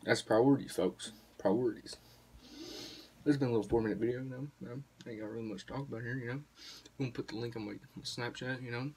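A man's voice: medium pitch, quick pace, darkish tone, husky. A young man, telling a rambling, profane story to the camera in a casual vlog. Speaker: vlogger.

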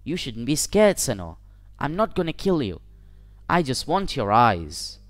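A man voicing a slight village robber with a machete, who speaks in a soft, calm, polite way that carries quiet menace, in a storybook reading. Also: medium pitch, unhurried, dry recording. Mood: eerily gentle.

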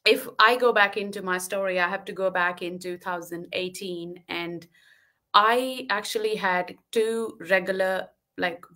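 A woman in her thirties who lives in Western Australia tells a candid personal story as a guest in a live online talk, with video call sound. Her mid-range voice is bright and forceful, steady in tone and measured in pace, and she speaks earnestly with many fillers.

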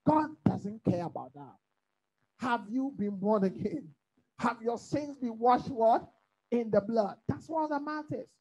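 A man's voice: very high-pitched, lively intonation, unhurried, a little mellow, slightly rough, muffled recording. A man from Africa, a pastor leading a bible study, preaching emphatically with repeated phrases and questions to his listeners.

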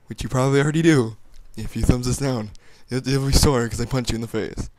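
A young man rambles through casual gameplay commentary, crude and joking as he goes. His voice sits at an ordinary middle pitch, and the recording is dry and close, with no room sound. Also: fast, hardly any pauses, a little mellow, no echo. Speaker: gaming YouTuber.

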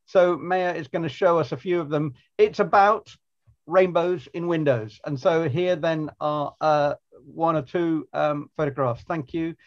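A man's voice: a little high, unhurried. A man chairing an online book talk, speaking politely and hesitantly with many ums. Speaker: event chair. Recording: slightly dull lo-fi sound.

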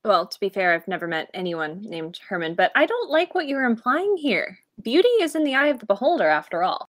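A woman's voice: medium pitch, sing-song, fairly quick, lightly acted. A woman playing an exasperated young woman who keeps scolding her friends.

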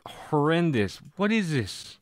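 A man's voice: fairly high pitch, big pitch swings, slow, dry recording, clean studio sound. A young man from Canada hosting a card-opening video, with casual, sarcastic and exasperated commentary.

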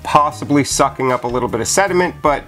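A man giving a casual how-to demonstration of home winemaking at home, explaining each step in a relaxed, chatty way with occasional fillers. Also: mid-range voice, quick pace, soft background music. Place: indoors at home.

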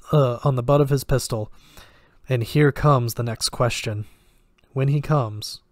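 Male story reader, steady narration, dry close sound. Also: medium pitch, dry recording. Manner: steady reading with small restarts. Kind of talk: audiobook narration.

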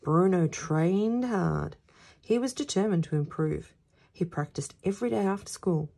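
A woman reads a children's picture book aloud in an unhurried, expressive way. Her voice sits low and slightly husky, and it swings widely up and down as she tells the tale. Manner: expressive, sing-song storytelling. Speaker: teacher reading to children.

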